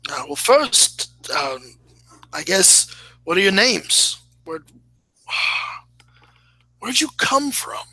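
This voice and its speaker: A weary male lizard folk leader, sighing and grave, for a tabletop game, put on by a man. The voice is gravelly and bright in tone, drawn out at a slow pace. It sits close and dry, with no room around it. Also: high voice, sing-song, dry recording, voice pushed up, heavily acted, rough recording. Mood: confused.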